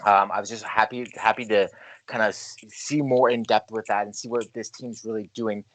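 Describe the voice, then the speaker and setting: Hyped podcast host. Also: male voice, on the low side, steady tone, normal speed. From Canada. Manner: hyped, shouty announcer-style intros. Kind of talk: casual sports podcast chat.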